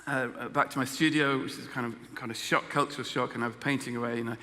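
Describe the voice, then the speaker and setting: An English man tells a personal story in a halting, self-mocking way, often stopping to restart his sentences. His voice is bright and forward. The talk carries a long reverb, as if recorded in a large hall. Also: mid-range voice, steady tone. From England. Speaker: guest speaker.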